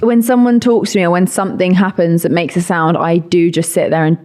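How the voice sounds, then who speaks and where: A woman, a podcast guest chatting casually in an animated way with frequent laughter. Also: fairly low pitch, a little fast. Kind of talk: casual chat.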